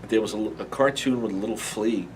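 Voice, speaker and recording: A man being interviewed, telling animation stories in a lively, casual way, often laughing and briefly acting out cartoon voices. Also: on the low side, fast talker, slight background noise.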